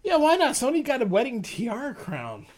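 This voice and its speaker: Male co-host, high and lively voice, stops and starts, faint hiss behind him. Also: brisk. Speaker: podcast co-host. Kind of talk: casual banter with friends.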